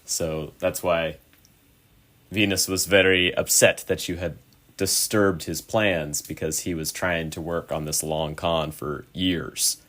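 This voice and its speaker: Low-voiced guy running the tabletop game, chill, explains stuff, laughs a lot. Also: slow pace. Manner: relaxed, explains at length, laughs often. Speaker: game master.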